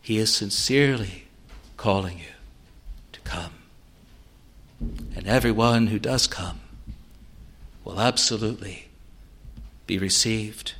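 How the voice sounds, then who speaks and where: Male preacher, earnest sermon delivery, slow measured pace, rises and falls in volume. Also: fairly low pitch, husky. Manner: earnest, swells loud on key words then drops soft.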